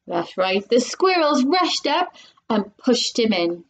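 A woman, a primary school teacher, reading a children's book aloud with playful, expressive delivery and little asides to her listeners. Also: on the high side, slow pace, dull audio. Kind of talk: children's storybook read-aloud.

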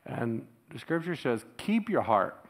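A man preaching a casual, storytelling sermon to a church congregation, chuckling often and getting animated when he quotes other people. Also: medium pitch, unhurried. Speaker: pastor.

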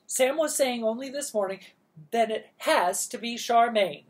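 A woman voicing a rich, bossy elderly great-aunt who issues orders in a loud, haughty way. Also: on the high side, a little slow, pitched above the performer's own voice, close to an everyday voice. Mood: imperious.

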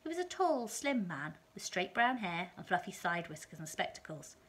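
Calm woman with a lowish voice reading a story aloud to children. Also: normal speed, slightly rough.

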